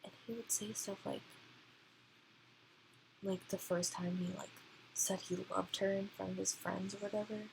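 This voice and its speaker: A woman's voice: mid-range voice, little pitch movement, moderate pace, vocal fry, long pauses, background noise. A woman ranting casually in a book review, rambling with many fillers and often dropping to a near-whisper. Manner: rambling, filler-heavy, often drops to a hush.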